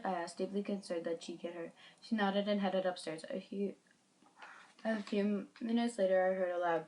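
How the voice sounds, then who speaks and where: A woman reading her own short story aloud, earnestly and a little haltingly, with small slips, recorded on a phone. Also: medium pitch, fairly even intonation, darkish tone, a little hiss or hum. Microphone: phone mic.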